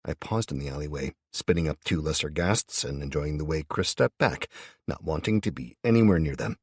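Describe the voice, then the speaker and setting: A man's voice: rumbling low, a little fast, slightly rough, no room sound, clean studio sound. A man narrating an audiobook in the first person, with a casual, profane storytelling manner.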